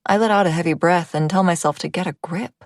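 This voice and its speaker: A woman's voice: on the low side, fast talker, dry recording, studio quality. A woman reading a first-person audiobook, intimate in tone and dropping to a whisper at tense moments. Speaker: audiobook narrator.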